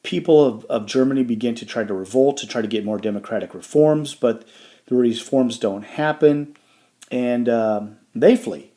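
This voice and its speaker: A man teaching a history lesson in a relaxed, conversational way, often checking in with his listeners. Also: medium pitch, normal speed. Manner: conversational, with frequent fillers and check-ins like "all right?". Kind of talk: classroom lecture.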